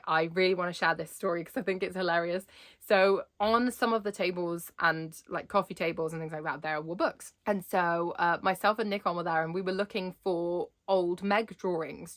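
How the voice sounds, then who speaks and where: A woman's voice: on the low side, a bit bright. A young adult woman chatting in a vlog, bubbly and rambling, laughing often as she talks. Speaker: Disney vlogger.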